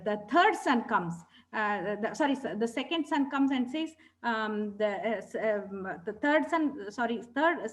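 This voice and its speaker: A woman gives an earnest spiritual teaching talk as a yoga teacher. Her voice sits a little on the high side. She tells stories and pauses now and then to correct herself. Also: poor audio.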